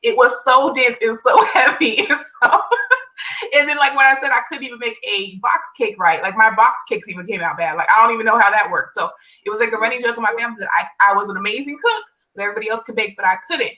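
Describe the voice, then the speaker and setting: Woman guest, bright storytelling voice, high-ish, slightly distant dull lo-fi mic. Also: fast. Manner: animated storyteller, acts out quotes in higher pitch. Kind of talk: personal story in casual conversation.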